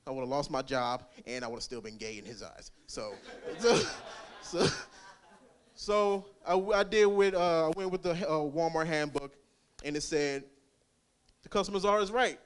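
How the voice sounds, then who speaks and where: A man's voice: fairly high pitch, a little slow. A young man doing rambling, crude stand-up at an open mic, laughing at his own jokes. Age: young adult. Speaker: stand-up comic.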